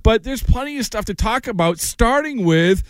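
A man's voice: very high-pitched, expressive, moderate pace, no room sound. Emphatic male sports radio host, dry. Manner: emphatic, repeats himself, restarts often. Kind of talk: casual sports talk.

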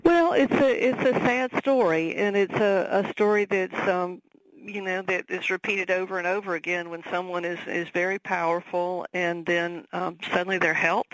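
A woman with a Southern accent, an author speaking as a radio guest, talking in a halting way with many ums and restarts. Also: on the low side, no room sound, low-quality recording. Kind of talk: radio interview.

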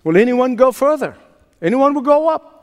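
A man preaching plays a male auctioneer who speaks calmly and insistently. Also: very high-pitched, normal speed, long reverb tail, muffled recording, pitched above the performer's own voice. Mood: announcing. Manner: calm, firm.

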